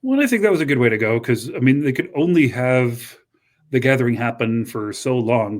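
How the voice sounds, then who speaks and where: Man co-host of mid pitch, reads magazine text steadily, breaks into casual chat. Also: a little fast. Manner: steady reading with casual asides. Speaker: podcast co-host. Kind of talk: reading a magazine article aloud and chatting.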